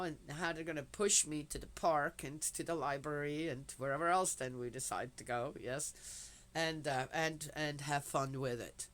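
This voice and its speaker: An older woman chatting in a meandering, talkative way, drifting between personal stories and Bible commentary and often dropping in little "yes" asides. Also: low voice. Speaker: vlogger. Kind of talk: rambling casual chat and Bible commentary.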